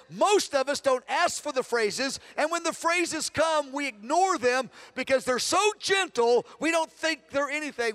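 A man with a high-pitched voice teaches a conference session on prayer. He is earnest, dropping to a hushed tone for prayers and rising to emphatic preaching. He often repeats and corrects himself mid-phrase. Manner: repeats words, self-corrects.

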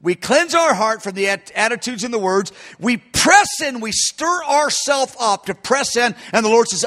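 High-voiced emphatic preacher man. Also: animated, moderate pace, hardly any pauses, sharp tone. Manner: emphatic, calls listeners "beloved". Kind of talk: sermon.

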